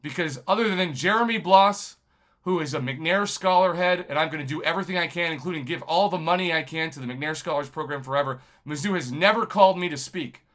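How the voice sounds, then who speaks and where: A man, a YouTube journalist, talking to camera in a rambling, impassioned monologue full of shout-outs. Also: fairly high pitch, brisk. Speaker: YouTube video game journalist.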